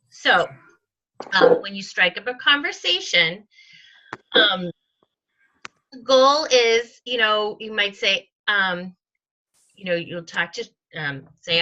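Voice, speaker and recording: A woman with a very bright, sharp voice gives a casual training talk to her sales team. She is chatty, says um a lot and acts out the sample conversations. The recording sounds a little dull and lo-fi. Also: mid-range voice.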